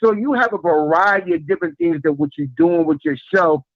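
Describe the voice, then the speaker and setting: A man with a fairly high voice calls in over a muffled phone line. He talks earnestly and rambles, circling back over the same words. The sound is dry and close, with no room around it. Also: big pitch swings, a little fast, vocal fry, no echo. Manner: earnest, rambling, repeats himself. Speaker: caller. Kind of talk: phone-in praise of the host. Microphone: phone call.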